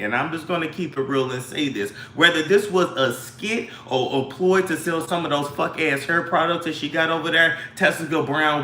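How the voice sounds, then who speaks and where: A man's voice: fairly high pitch, sharp tone. A man hosting a live celebrity gossip stream, blunt, profane and mocking, with a lingering cough. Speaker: host. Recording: echoey room.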